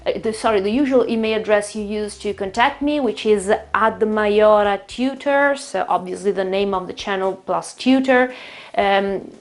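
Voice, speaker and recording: An Italian woman, a native speaker with an Italian accent, hosts an online English lesson as the channel's teacher. Her voice is mid-range, and she chats in a friendly way, repeating words slowly so learners can hear how they're pronounced.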